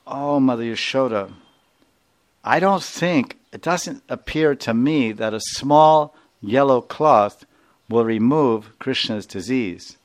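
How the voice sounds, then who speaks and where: Guy doing a teasing know-it-all lady, slow and sly. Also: mid-range voice, close to an everyday voice. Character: knowing teasing woman confidante.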